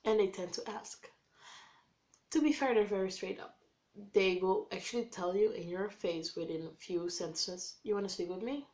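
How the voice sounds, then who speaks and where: A woman's voice: medium pitch, moderate pace. A woman vlogger casually telling a personal story to camera, acting out quoted dialogue and using lots of "like.". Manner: animated, acts out quoted dialogue with many "like"s.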